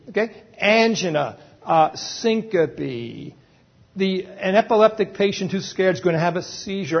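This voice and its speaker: A man's voice: sits high, husky, lo-fi sound. A man giving a live lecture on dental emergencies to a roomful of dental staff, emphatic and often checking in with the audience.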